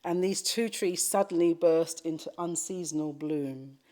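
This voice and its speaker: A woman with a British accent giving a retreat dharma talk as a Buddhist teacher, telling a story gently and reflectively. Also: low voice, a little slow. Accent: British English. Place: retreat hall.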